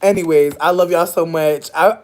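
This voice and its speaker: A woman, chatting casually on a livestream with her viewers, animated and slangy with loud laughing outbursts. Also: sits low, moderate pace. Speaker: livestream host reacting to chat.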